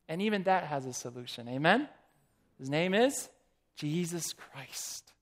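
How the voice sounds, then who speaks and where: A man's voice: on the high side, lively intonation, moderate pace. A man preaching a sermon, asking the congregation questions and reading quotations aloud.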